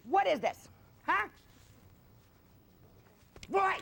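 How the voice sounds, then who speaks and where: A woman's voice: very high voice, lively intonation, very slow, gravelly, a bit bright. A woman dog trainer running a hands-on session in an outdoor field, firm and no-nonsense with owners and coaxing with the dog.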